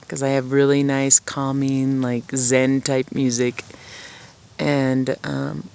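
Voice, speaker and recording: A woman's voice: very deep voice, vocal fry. A woman chatting casually to the camera outdoors at a mountain campsite at dusk, rambling and laughing at herself. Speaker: outdoor vlogger.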